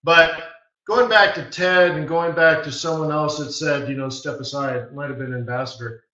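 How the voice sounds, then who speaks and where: Man, higher-pitched and forceful, blunt webinar teacher; roomy, distant, dull mic. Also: moderate pace. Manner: emphatic, blunt, repeats short commands. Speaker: forex market strategist hosting a live webinar. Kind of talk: live trading webinar, unscripted teaching.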